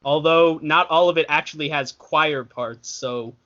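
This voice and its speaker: A young man co-hosts a casual podcast, rambling along and correcting himself mid-sentence. His voice is bright and a little high for a man. The audio sounds dull and lo-fi. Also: a little slow. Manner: rambling, self-correcting, chatty. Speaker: podcast co-host. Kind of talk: casual chat.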